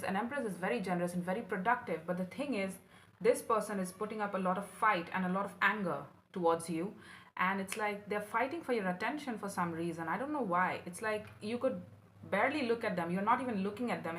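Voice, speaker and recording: A woman's voice: medium pitch, fairly bright tone, a little hiss or hum, rough recording. A woman giving a casual tarot reading, talking in a rambling, repetitive way and acting out what people might say. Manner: rambling and repetitive, acts out quoted lines. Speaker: tarot reader.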